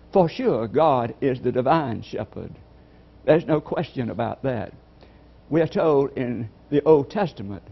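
A man delivers a sermon in a measured, reflective manner, pausing over scripture. His voice sits a little high and carries a gravelly fry. The recording is dull and lo-fi. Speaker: preacher.

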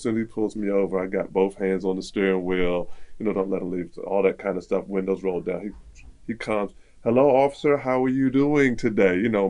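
A man telling a personal story in casual conversation, acting out the voices of people in it. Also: sits low. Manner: animated, acts out quoted dialogue.

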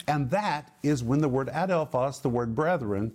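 A man hosting a televised Bible teaching, speaking earnestly and emphatically, slowing down to stress key phrases. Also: mid-range voice, expressive, a little mellow. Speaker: Bible teacher and TV ministry host.

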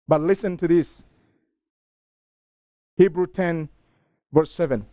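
A middle-aged man preaching a fervent sermon, reading scripture aloud and rising to near shouting. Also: a little high, takes it slowly, dry recording, dull audio. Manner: reads scripture passages aloud.

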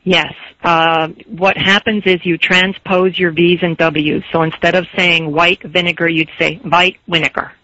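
A woman storyteller with a faint Pennsylvania Dutch tinge, chatting in an interview and telling anecdotes in a lively way. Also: lowish voice, no room sound. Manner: lively, anecdotal, quick asides. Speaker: storyteller, guest. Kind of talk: casual interview chat. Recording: dull lo-fi dry recording.

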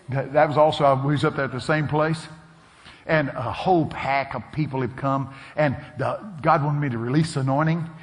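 A man preaching a sermon, telling stories with animated delivery and shouting his punchlines. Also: medium pitch. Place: church sanctuary. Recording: long hall reverb.

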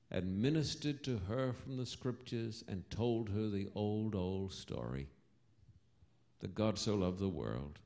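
Slow, measured preacher man. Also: lowish voice. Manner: slow storytelling preacher, rising to loud proclamations. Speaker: pastor. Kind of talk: sermon.

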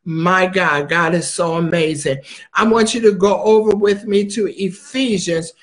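Preacher: man with a very high voice, emphatic, drives points home by repeating them. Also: steady tone, unhurried, a bit bright. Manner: emphatic, repeats phrases for stress. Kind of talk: sermon.

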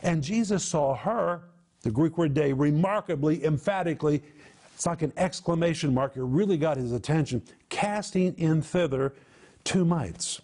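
A man's voice: a little high, mellow. A man presenting a televised Bible teaching, explaining word meanings with emphatic repetition.

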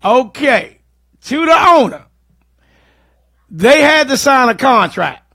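Man co-host, high voice, unhurried delivery, blunt casual takes. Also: big pitch swings, pushed and bright, slightly rough, no echo, studio quality. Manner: blunt, opinionated. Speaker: livestream show co-host. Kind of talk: casual opinion commentary.

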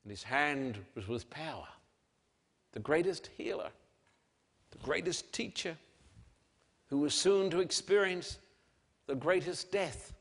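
A man preaching a dramatic sermon and reading scripture, swinging between loud declarations and hushed, soft passages. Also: a little high, lively intonation, takes it slowly, long pauses, long reverb tail.

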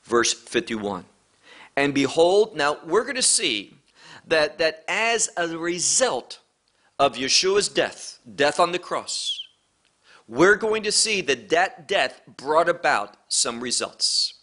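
A man's voice: fairly high pitch, sing-song, slow pace, bright, forceful tone. A man teaching the Bible verse by verse, emphatic, asking rhetorical questions and answering them himself.

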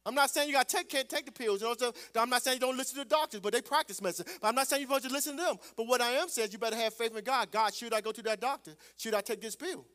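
This very high-voiced man speaks very fast with hardly any pauses, preaching as a pastor who calls out to the congregation and swells loudly on scripture.

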